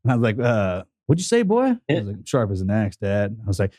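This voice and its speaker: A man's voice: fairly low pitch, a little fast, dry recording. A man co-hosting a podcast, telling family stories in casual chat and acting out the voices. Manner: animated storyteller acting out voices. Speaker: podcast co-host.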